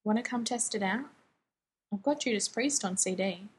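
A woman reading the part of a grieving young man who pleads softly and apologetically to his younger brother in a fan fiction reading. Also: medium pitch, moderate pace, husky. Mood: gentle.

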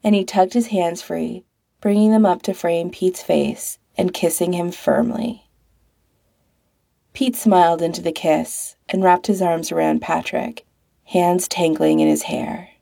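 A woman reading fiction aloud in an expressive, unhurried way. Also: lowish voice, creaky. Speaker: story reader. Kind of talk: narrating fan fiction aloud.

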